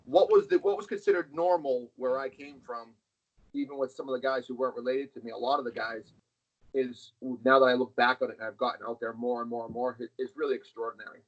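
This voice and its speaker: This middle-aged interview guest, an arm wrestler, talks fast in a mid-range voice with a steady tone. He tells casual stories bluntly and swears freely, and the sound is dull and lo-fi.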